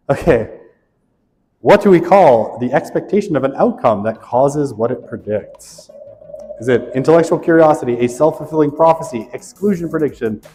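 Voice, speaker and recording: A man's voice: medium pitch, warm tone. Joking male instructor in echoey hall. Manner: joking, chatty, reads questions aloud. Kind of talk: lecture quiz review.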